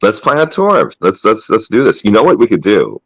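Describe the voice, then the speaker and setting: A man calls in on video as a guest comedian. His voice is very low yet crisp and forceful, and it sounds dry and close. He rambles and cracks crude jokes. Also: sing-song, fairly quick, no room sound, low-quality recording. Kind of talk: casual chat.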